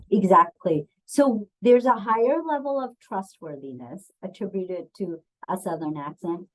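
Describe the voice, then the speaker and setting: A woman speaking at medium pitch presents a webinar on bias in her role as a diversity and bias trainer. She talks conversationally, says um often, and questions her audience. The recording is rough.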